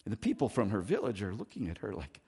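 A male pastor preaches with a husky, breathy edge to his voice. He swings between loud, pressing emphasis and soft, hushed asides, sounding like a sermon from the pulpit. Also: fairly low pitch, huge pitch swings, quick pace.

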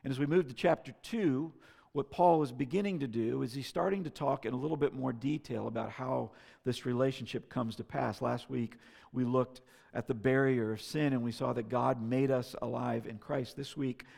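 Man preaching with a gravelly voice. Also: medium pitch, normal speed. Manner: storytelling, earnest, varies loud and soft. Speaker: pastor. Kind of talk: sermon. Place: church sanctuary. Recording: long reverb of a hall.

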